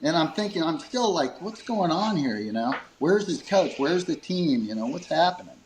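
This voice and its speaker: Against a noisy background, a man talks at a moderate pace through a long interview story. He runs a grip company and stays animated, chuckling between fillers and acting out quoted dialogue with leaps in pitch.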